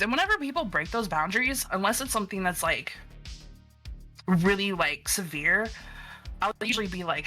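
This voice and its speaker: A streamer guest on a casual podcast, rambling through stories full of fillers, swear words and acted-out quotes. The voice has a sharp, forceful edge at a middle pitch, with faint music in the background. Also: expressive, fairly quick. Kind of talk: casual chat.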